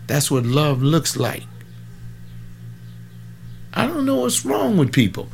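A man's voice: a little high, sing-song, takes it slowly, gravelly, long pauses, a little hiss or hum. A man in his seventies preaching in an informal, rambling way, fervent, with folksy asides and sudden bursts of emphasis. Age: 70s.

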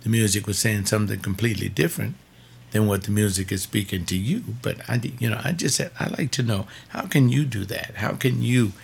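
A man speaking in church, telling a story in a measured way with fillers and repeats. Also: fairly low pitch, creaky, slight background noise. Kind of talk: sermon-style reflection.

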